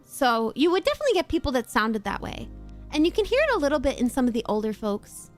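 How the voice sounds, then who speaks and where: A woman chatting casually while playing a game on stream, rambling through quick asides and laughing often. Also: sits high, sing-song. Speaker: VTuber streamer. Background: faint background music.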